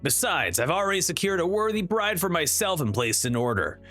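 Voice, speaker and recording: A man's voice: on the high side, sing-song, fairly quick, a bit bright, faint music behind, voice pushed up. A man voicing an arrogant, cold nobleman in a haughty, dismissive tone while reading a comic aloud.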